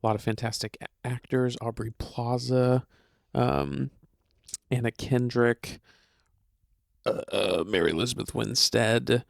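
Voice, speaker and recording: A man's voice: medium pitch, measured pace, gravelly, no echo, clean studio sound. A man with a slight Southern American accent chatting casually on a podcast, rambling and self-deprecating, often trailing off. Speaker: podcast co-host, partner. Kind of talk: casual chat.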